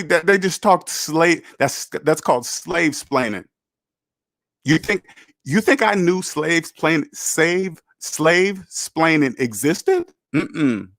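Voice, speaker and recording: On a personal finance livestream, the male host lectures emphatically, firing off rhetorical questions and answering chat. His voice sits on the high side, sing-song and fairly bright, and he speaks slowly. The studio sound is clean, with no echo.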